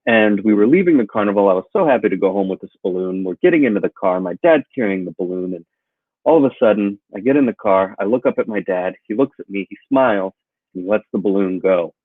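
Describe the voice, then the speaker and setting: A man delivers a stand-up routine in a deadpan way, letting dry punchlines land flat. His pitch still swings widely and his voice is husky. The sound is thin and tinny, like a phone line. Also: quick pace, no echo. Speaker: comedian guest. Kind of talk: stand-up routine over a call.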